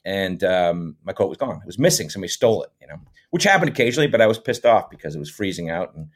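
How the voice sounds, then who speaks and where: Speaking fast in a low voice, this middle-aged American man is a comedy actor guesting on a podcast. He spins stories in a laid-back, wandering style packed with filler words.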